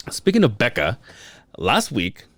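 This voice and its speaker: A man's voice: medium pitch, slow pace, dry recording. A man telling stories in casual podcast chat, swearing and laughing often. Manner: animated storyteller, swears and laughs a lot. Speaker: podcast co-host.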